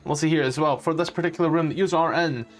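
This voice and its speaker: A man's voice: on the high side, fast, soft background music. A Scottish man narrating as dungeon master, casual and given to swearing. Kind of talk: narrating a tabletop game.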